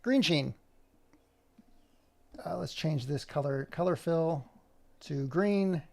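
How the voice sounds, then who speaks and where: A middle-aged man with a gravelly, fairly high voice narrates an animation tutorial slowly as he works on screen. He's chatty and pokes fun at himself, muttering under his breath along the way.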